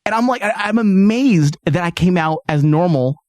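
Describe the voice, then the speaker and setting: Animated young man telling a comic story. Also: normal speed, no echo, studio quality. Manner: animated storyteller, acts out quotes with sudden high-pitched outbursts. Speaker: podcast host. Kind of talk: casual comedic chat.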